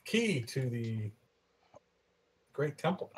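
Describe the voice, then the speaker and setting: A man voicing a wry, confident male bard adventurer in a tabletop game, speaking loud and quick in a husky voice. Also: medium pitch, sing-song, exaggerated voice.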